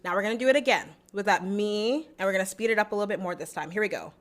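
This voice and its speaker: A woman's voice: mid-range voice, rapid-fire. A young adult woman vocal coach teaching a singing lesson in a chatty, encouraging way, breaking into short sung demo notes.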